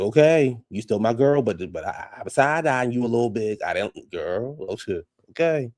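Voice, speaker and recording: A man giving casual, profane reaction commentary on a reality show, blunt and animated, often laughing. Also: mid-range voice, gravelly, dry recording, studio quality.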